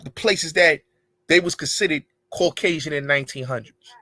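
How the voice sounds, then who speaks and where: A man's voice: on the high side, normal speed, bright, forceful tone, no echo. Emphatic man ranting in street slang. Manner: rambling, emphatic, heavy profanity and street slang. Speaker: show host. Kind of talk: casual monologue.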